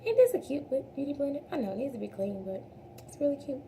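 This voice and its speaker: A young woman with a mellow, somewhat high voice and a gravelly fry talks casually through a makeup routine. She chats straight to her viewers, calls them y'all, and often trails off and starts over. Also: slight background noise. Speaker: beauty vlogger. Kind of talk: casual makeup tutorial chat.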